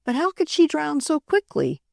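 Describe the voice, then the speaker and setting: A woman's voice: sits high, huge pitch swings, moderate pace, gravelly, dry recording, clean studio sound, voice pushed up, full character voice. A woman voicing an earnest, curious boy in a storybook reading. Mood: puzzled.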